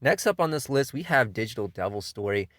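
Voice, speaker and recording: A man casually hosting an anime countdown, talking in a loose, enthusiastic way, swearing freely and filling pauses with um and you know. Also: mid-range voice, expressive, a bit bright, dry recording. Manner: laid-back and enthusiastic, with frequent swearing; loose delivery full of fillers like um and you know. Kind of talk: casual spoken countdown commentary.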